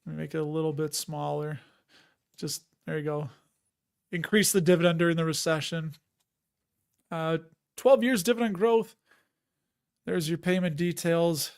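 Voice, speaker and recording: A man's voice: on the high side, steady tone, moderate pace, vocal fry, long pauses, clear, resonant tone. A man in his fifties hosting a casual investing livestream. He jokes, laughs often, and rambles while answering viewer comments. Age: 50s. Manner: chatty, jokey, laughs often, rambling asides. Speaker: host of a dividend investing livestream.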